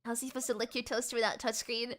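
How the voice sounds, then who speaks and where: A young woman streaming and chatting with viewers, talking fast and giggling, with a mixed American and British accent. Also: fairly high pitch, little pitch movement. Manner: rapid, giggly, repeats words. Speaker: VTuber streamer. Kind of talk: casual live-stream chat with viewers.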